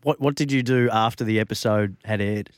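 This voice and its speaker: A man's voice: fairly low pitch, a little fast, clear, resonant tone, no room sound. Male radio host, teasing, casual chat, dry studio sound. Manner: upbeat, teasing.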